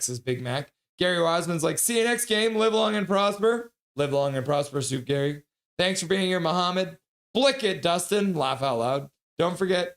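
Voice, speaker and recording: A man hosting a hockey livestream, reading viewers' chat messages aloud and chatting back casually. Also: fairly high pitch.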